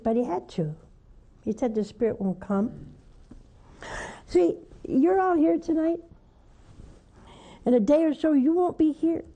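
Nun on a call-in show, super mellow low-toned voice, takes her time, fervent then soft. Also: muffled recording. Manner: slow, emphatic, rising to fervent highs then dropping soft. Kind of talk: devotional teaching and call-in counsel.

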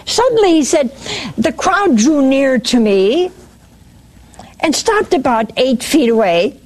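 Slow, lively-voiced woman preaching. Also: high voice. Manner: retells a story, quoting speakers, with repeated restarts. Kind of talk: sermon storytelling.

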